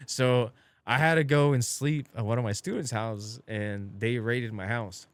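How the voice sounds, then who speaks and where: A man from Brazil, a podcast guest, telling a long story in a casual, profane, animated way and acting out the people in it. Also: mid-range voice, a little slow, clear, resonant tone, no room sound. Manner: profane, animated, acts out quoted voices.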